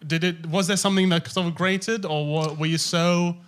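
A man in his thirties from Malaysia, a podcast guest who talks in an animated, amused way and laughs through his stories. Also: sits high, normal speed, smooth. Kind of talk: casual conversation.

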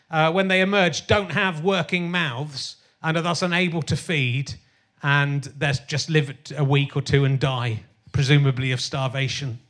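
Live in a theatre, a middle-aged man hosting a comedy podcast speaks in a fairly high, somewhat bright voice. The chat is stand-up in style, with sardonic rambling, crude remarks, and frequent fillers.

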